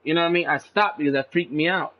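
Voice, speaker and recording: A high-pitched channel host talks fast in a loose, profane monologue, using "man" throughout. He gets indignant at points, and his voice spikes upward. The sound quality is dull and lo-fi.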